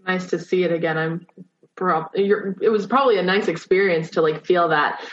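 A young theater teacher from Southern California chats casually on a video call, filling her talk with lots of "like." Her voice is fairly low at a normal speed, and the call audio is dull and lo-fi.

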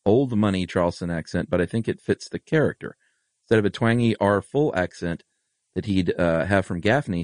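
A man's voice: deep voice, a little mellow, dry recording. A man co-hosting a podcast, laid-back, with short dry replies, also reading out listener mail. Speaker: podcast co-host.

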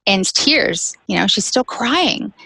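A woman's voice: medium pitch, lively intonation, takes it slowly, gravelly, sharp tone, husky, dry recording, rough recording. A woman guest telling a personal caregiving story, candid, with light laughs between serious points.

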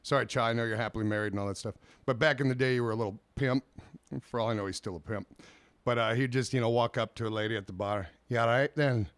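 A man's voice: fairly low pitch, steady tone, fast talker. A man chatting casually, with wry, sarcastic asides. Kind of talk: casual chat.

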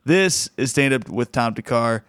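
Smooth-voiced laid-back podcast host man. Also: mid-range voice, expressive, moderate pace, a bit bright, no room sound, studio quality. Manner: laid-back, chuckles often, restarts. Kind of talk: casual podcast chat.

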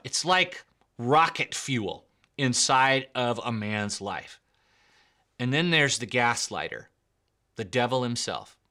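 A man's voice: medium pitch, bright, forceful tone. A man preaching a sermon in an emphatic way, repeating key points and calling his listeners guys and bro. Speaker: pastor.

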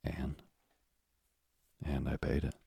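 A frail old father speaks gently and wearily in a storybook reading, as a male narrator puts him on. The voice is very low, gravelly and breathy, with little rise and fall, and sounds dry and close. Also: monotone, slow pace, no echo, heavily acted. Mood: gentle, weary.

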